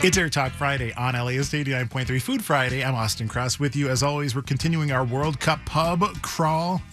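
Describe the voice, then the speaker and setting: A man's voice: medium pitch, a little fast, over music. A man hosting a casual radio food segment in a studio, chatty and enthusiastic while tasting food on air. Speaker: radio show host.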